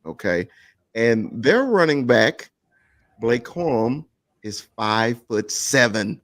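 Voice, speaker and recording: A man's voice: medium pitch, very animated, slow, fairly bright tone. A man co-hosting a casual sports podcast, making his points emphatically. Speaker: podcast co-host.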